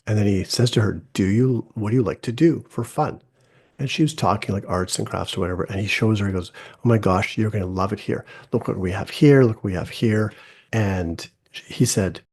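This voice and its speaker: Middle-aged male podcast host, husky gravelly voice, casual storyteller. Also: on the low side, a little mellow. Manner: conversational, retells quoted dialogue with restarts.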